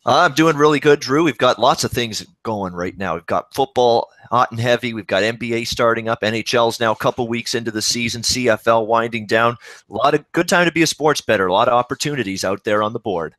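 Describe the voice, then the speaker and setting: A man's voice: medium pitch, brisk, a bit bright, no echo. A man talking on a sports betting panel in casual chat, upbeat and enthusiastic. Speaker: sports bettor.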